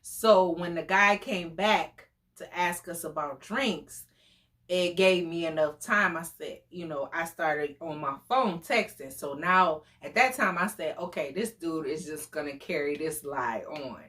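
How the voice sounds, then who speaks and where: A woman in her forties telling a story casually, animated and exclamatory, often breaking into laughter. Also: deep voice, a little slow. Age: 40s. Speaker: storytime vlogger.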